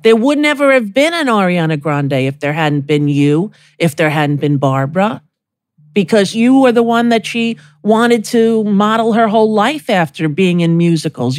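A woman's voice: mid-range voice, dry recording, clean studio sound. A woman in her sixties hosting a podcast, chatting casually and affectionately with her guest. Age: 60s. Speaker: podcast host. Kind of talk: casual conversation.

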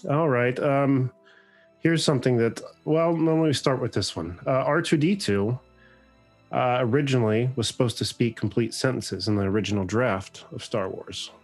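A man hosting a casual podcast chat, animated and jokey, swearing freely. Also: medium pitch, moderate pace, soft background music. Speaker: podcast host.

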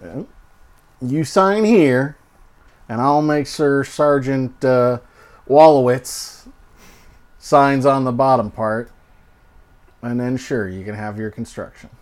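A man's voice: medium pitch, slow, long pauses, a little mellow, lightly acted. A man playing a scheming, crooked police officer who talks in a sly, conspiratorial way in an improvised role-play. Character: scheming crooked male cop.

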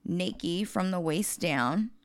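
A woman's voice: fairly low pitch, slow, no room sound. A woman co-hosting a casual podcast, telling a blunt, profane story from her work. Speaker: podcast co-host.

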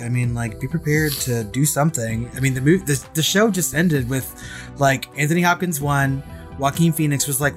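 Chatty, animated male podcast co-host. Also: medium pitch, fairly quick, faint music behind. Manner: animated storyteller, acts out quotes, laughs often. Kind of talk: casual chat.

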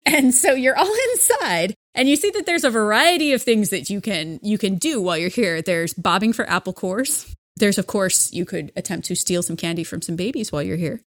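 A woman's voice: medium pitch, lively intonation, moderate pace, no echo, clean studio sound. A woman running a tabletop game as game master, narrating the scene in a playful way and laughing often.

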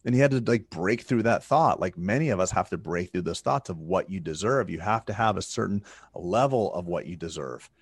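A man co-hosting a podcast, talking in a relaxed way with lots of fillers. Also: low voice, fairly quick, breathy edge, no echo. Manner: relaxed and talkative, full of fillers. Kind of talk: casual conversation.

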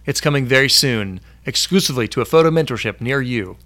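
A man's voice: medium pitch, animated, fast, bright, forceful tone. Upbeat man hosting a live stream. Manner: upbeat, filler-heavy, reads viewer comments aloud. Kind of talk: casual live stream chat.

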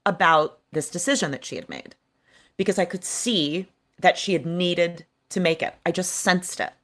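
A woman's voice: lowish voice, expressive, normal speed, a bit bright. A woman guest author earnestly recounting a personal childhood memory in an interview. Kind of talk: personal storytelling.

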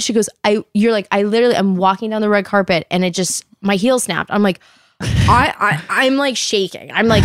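Speaking briskly, this woman in her thirties packs "like" into every sentence while animatedly telling stories and acting out quotes in a casual chat. Her voice is middling in pitch, captured on a close mic in a dry, echo-free room.

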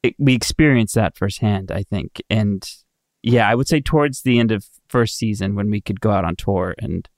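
A man in his thirties co-hosting a podcast, speaking in a measured, reflective way as he thinks aloud. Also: on the low side, a little mellow, no room sound, clean studio sound. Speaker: podcast co-host. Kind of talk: casual chat.

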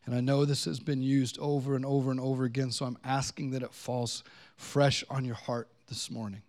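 A man's voice: medium pitch, level tone, fairly quick, a little mellow. A man pastor preaching a sermon in a church, earnest and conversational. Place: church sanctuary.

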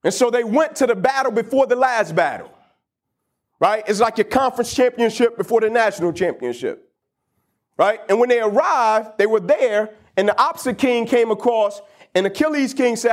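A man's voice: very high-pitched, animated, normal speed. A man giving a motivational talk, retelling a story in casual slang with rhetorical questions. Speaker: motivational speaker.

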